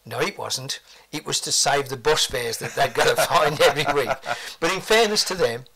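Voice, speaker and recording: A man's voice: a little high, moderate pace, vocal fry, pushed and bright. An older man, reminiscing forthrightly in an interview with blunt asides.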